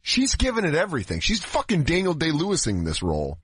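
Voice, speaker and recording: A man co-hosting a podcast in his thirties, with a husky voice whose pitch swings freely. He trades crude jokes in relaxed, casual comedic banter. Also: quick pace, no echo, clean studio sound. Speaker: podcast co-host.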